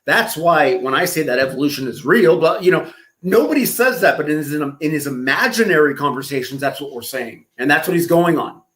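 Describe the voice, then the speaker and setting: A man's voice: a little high, expressive, brisk, fairly bright tone. Rambling man with a raised voice. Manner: rambling, heavy use of "like" fillers. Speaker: commentator. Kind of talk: casual chat.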